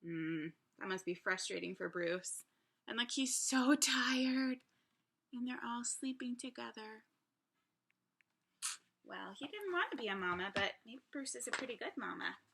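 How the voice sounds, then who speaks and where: Preschool teacher, woman, storytime read-aloud; bright, animated, chatty with kids. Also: medium pitch, moderate pace, vocal fry. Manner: chatty asides to young listeners. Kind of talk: picture-book read-aloud.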